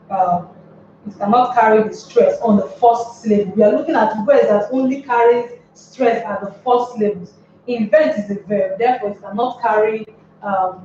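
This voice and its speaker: A woman teaching an English lesson on word stress, explaining step by step and repeating words slowly. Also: a little high, darkish tone, a little hiss or hum. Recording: very echoey room, far from mic, dull.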